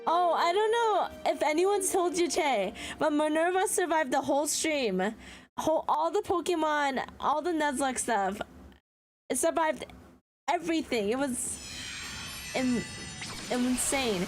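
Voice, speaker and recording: A woman streamer chatting excitedly with her live chat, bubbly and quick to laugh. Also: sits high. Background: background music.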